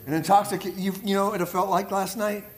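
A high-pitched man from the Pittsburgh area of Pennsylvania, speaking with a Pittsburgh accent at a quick pace, serves as guest preacher to a leadership group. He repeats words energetically and checks in with listeners through "right?" and "amen?" Audience replies ring out in the echoey room.

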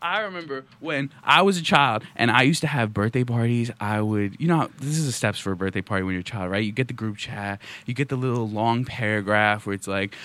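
A man's voice: mid-range voice, fairly quick, few pauses, a bit bright, dry recording. A young man hosting a casual, joking podcast in a college radio studio, rambling through playful stories into a studio mic. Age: young adult. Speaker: podcast host. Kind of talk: casual comedic chat. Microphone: studio microphone.

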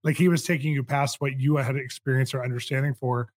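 A man hosting an interview, enthusiastic and quick to laugh. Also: mid-range voice, steady tone. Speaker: interview host. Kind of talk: casual interview.

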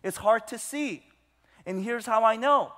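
A man's voice: very high-pitched, unhurried, bright, forceful tone. A male pastor preaching a sermon with emphasis, putting rhetorical questions to his congregation. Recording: long hall reverb.

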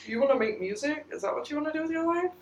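A woman's voice: sits high, expressive, racing, a little mellow, slight background noise. A young woman co-hosting a podcast, bantering playfully and teasing her friend. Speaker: podcast co-host. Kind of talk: casual chat.

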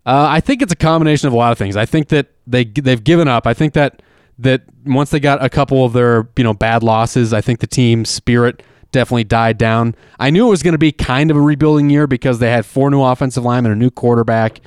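A man chats loosely about sports, emphatic and rambling, often restarting his sentences. His voice is smooth and clear, recorded close in a dry space. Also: medium pitch, fast, no echo. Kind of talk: casual sports chat.

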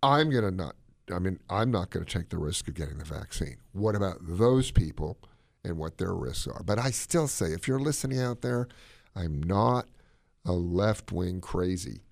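A man co-hosting a podcast, talking his opinions in a casual, animated way. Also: low-pitched, normal speed, gravelly, no room sound, studio quality. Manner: animated, opinionated, drops into playful put-on accents. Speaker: podcast co-host.

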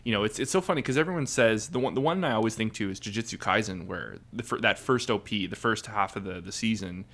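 A man's voice: on the low side, fast talker, a bit bright. A man co-hosting a podcast, chatting casually about an anime episode with many fillers and restarts. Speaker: podcast co-host. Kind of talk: casual chat.

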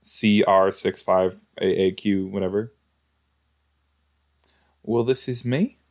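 A man's voice: sits low, takes it slowly. A man giving casual, exclamatory commentary while reacting to a show, talking back to the screen. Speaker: reaction video host.

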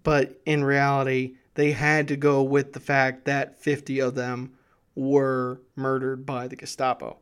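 A man's voice: mid-range voice, completely flat delivery, a little slow, fairly bright tone, clean tone. A man hosting a history show, telling the story in a casual, enthusiastic way. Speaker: history podcast host.

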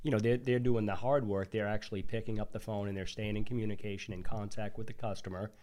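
A deep-voiced man co-hosts a casual podcast in a steady, matter-of-fact way. His voice is low with a mellow, warm tone. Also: fast. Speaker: podcast co-host.

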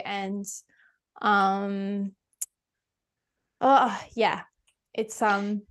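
A woman's voice: on the high side, moderate pace. A woman in her thirties co-hosting a podcast, thinking aloud with many fillers. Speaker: podcast co-host. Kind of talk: casual heartfelt conversation.

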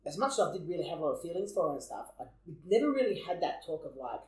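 A young Australian man rambling through a personal story in casual chat, swearing constantly. His pitch swings up and down with lots of life, and the room around him rings with echo. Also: big pitch swings, very fast. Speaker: podcast co-host. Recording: echoey room.

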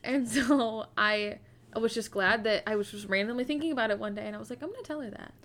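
A woman's voice: on the high side, fast talker, a bit bright. Candid young woman chatting casually. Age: young adult. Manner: candid, swears casually, lots of filler agreement. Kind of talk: casual chat.

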